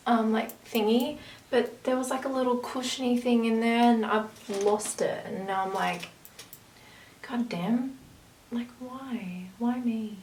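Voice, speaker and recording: A woman chatting casually through a makeup tutorial, rambling into asides as she works. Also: medium pitch. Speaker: makeup vlogger. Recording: roomy, distant camera audio with faint hiss.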